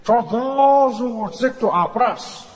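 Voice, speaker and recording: A slow, grand elderly statesman. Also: very high voice, long reverb tail, pitched above the performer's own voice, rough recording. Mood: solemn. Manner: slow, solemn, drawn-out delivery. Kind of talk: stand-up impression.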